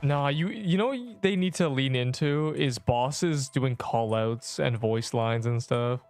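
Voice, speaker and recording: A man commentating his gameplay on a livestream, excitable, laughing often and rambling through asides. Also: mid-range voice, unhurried, soft background music.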